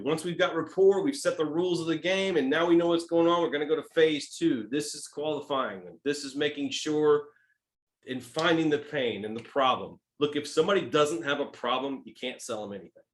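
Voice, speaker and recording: Speaking at normal speed in a slightly high voice, a Texas-accented sales coach leads a training talk. He punches words hard, then drops into soft asides, often asking "right?" or "okay?"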